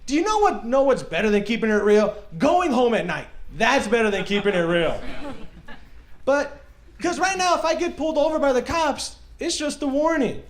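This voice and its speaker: Young male stand-up comic, high and lively delivery, self-deprecating, club stage mic. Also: moderate pace. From Texas. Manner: animated, self-mocking, loud bursts for acted bits. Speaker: stand-up comedian. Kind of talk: stand-up comedy set. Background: audience laughter.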